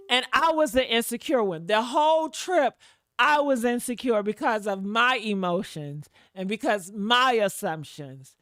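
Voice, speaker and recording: Animated, profane woman storyteller, dry room. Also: fairly high pitch, measured pace, no echo. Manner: animated and profane, acts out quotes, laughs often. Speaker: online show host. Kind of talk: storytime commentary to live viewers.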